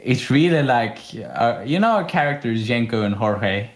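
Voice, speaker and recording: A young man from Sweden chats casually as a podcast co-host, rambling through his stories and laughing often. His voice sits at a middle pitch. The room around him rings with noticeable echo. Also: expressive, moderate pace. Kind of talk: casual chat, storytelling. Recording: echoey room.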